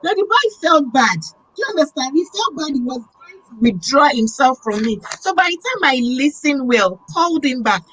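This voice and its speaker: High-voiced woman hosting a chat. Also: sing-song, normal speed, a bit bright, a little hiss or hum, poor audio. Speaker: host. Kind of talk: casual interview chat.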